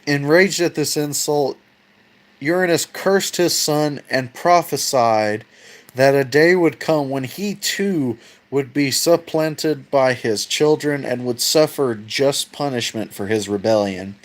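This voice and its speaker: A man with a medium-pitched voice speaks slowly as he hosts a casual livestream about mythology. He reads old myths aloud and retells them in a laid-back, profane way.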